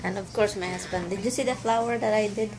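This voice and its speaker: A woman's voice: medium pitch, steady tone, fast talker, music in the background. A Filipino woman chatting casually in a home vlog, giggly and repeating herself as she talks. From Philippines. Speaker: vlogger. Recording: noisy household background.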